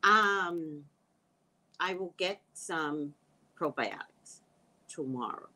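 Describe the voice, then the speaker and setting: With a low but pushed, bright and expressive voice, a woman speaks very slowly on a casual livestream, captured in a low-quality recording. She reads out viewers' comments and reacts in a chatty way, at times whispering.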